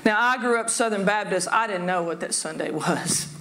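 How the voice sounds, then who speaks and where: A woman's voice: medium pitch, moderate pace, a bit bright. A woman pastor giving a chatty, self-deprecating sermon from the pulpit and laughing often. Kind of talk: informal sermon. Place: church sanctuary.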